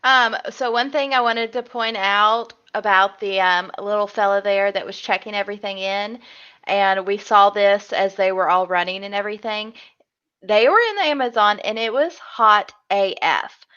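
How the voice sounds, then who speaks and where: A young woman co-hosting a reality TV recap in casual chat, animated and quick to act out what the contestants said. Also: medium pitch, smooth, dull audio. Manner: animated storyteller, acts out the contestants' lines.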